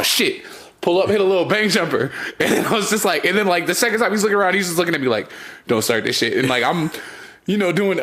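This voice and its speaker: A man's voice: on the high side, a bit bright. A young man co-hosting a podcast, telling stories in a loose casual chat, laughing often and swearing freely. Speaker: podcast co-host.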